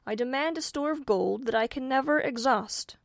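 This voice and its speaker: A woman's voice: sits high, moderate pace, gravelly, voice pushed up. A greedy, impatient young farmer from an old fairy tale, as a woman reading the story puts him on. He sounds eager and demanding, pressing hard for riches. The room is dry, with no echo.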